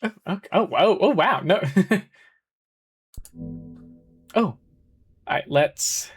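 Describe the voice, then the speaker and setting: Over faint game music, a streamer rambles and giggles through casual live chat as she plays, using lots of fillers and reacting loudly to the screen. She talks slowly in a lowish, animated voice through a headset microphone.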